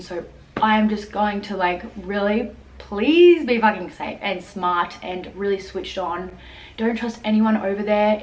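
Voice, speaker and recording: A young woman tells a story in a chatty vlog, peppering her talk with "like" and acting out what others said. Her voice sits a little low. The room is echoey, with a faint hum of noise behind her. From Australia. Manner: chatty, lots of "like" fillers, acts out quotes. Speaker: vlogger.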